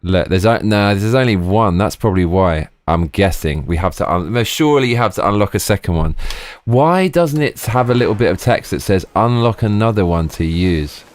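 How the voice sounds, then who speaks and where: Low-voiced man swearing through a live stream. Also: animated, moderate pace, dry recording. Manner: profane, exclamatory, laughs often. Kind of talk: casual gameplay live-stream commentary.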